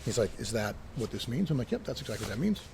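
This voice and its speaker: A middle-aged man, a retired air traffic controller and pilot, telling lively stories as an interview guest and acting out what people said, recorded in an old airport building by a runway. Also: mid-range voice, rapid-fire, creaky. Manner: animated, acts out quoted dialogue. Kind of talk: casual interview storytelling. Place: former airport terminal building near a runway.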